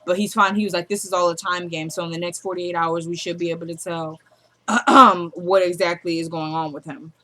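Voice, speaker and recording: Eine Frau mit Südstaatenakzent, die locker eine Serienfolge nacherzählt und die Figuren mit tieferer Stimme zitiert. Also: female voice, fairly even intonation, a little fast, sharp tone. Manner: retells scenes, quoting characters in a lowered voice. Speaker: TV episode recap vlogger. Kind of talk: casual recap chat.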